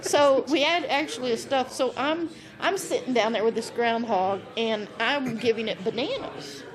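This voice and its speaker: A woman guest on a podcast, telling a lively anecdote and acting out the scenes she describes, often breaking into laughter. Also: on the high side, normal speed, a crowd in the background. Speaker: podcast guest, animal wrangler. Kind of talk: casual storytelling.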